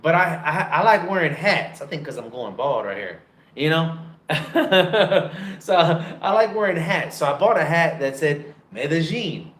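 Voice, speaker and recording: An American man telling travel stories to camera in a loud, profane, animated way, recorded on a phone in a dim room. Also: measured pace, reverberant. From United States. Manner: loud, profane and animated, with big pitch jumps. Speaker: travel vlogger. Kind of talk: casual storytelling to camera.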